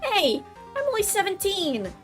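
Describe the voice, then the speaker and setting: Bubbly teen girl sidekick, squealy and animated, a woman doing the voice. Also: very high voice, measured pace, soft background music, voice pushed up, heavily acted. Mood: excited. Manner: gushing, squealing and loud. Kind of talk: reading game dialogue aloud.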